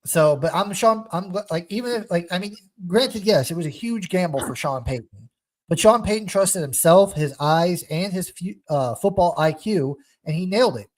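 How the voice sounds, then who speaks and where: A young man co-hosts a casual football podcast, slightly high in pitch. He talks in an animated, rambling way, full of restarts and fan excitement. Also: moderate pace. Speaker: podcast host. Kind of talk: casual sports chat.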